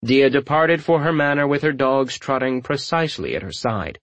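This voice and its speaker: A man narrating a fantasy audiobook with lively, expressive storytelling. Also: mid-range voice, normal speed, dry recording. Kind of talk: scripted narration.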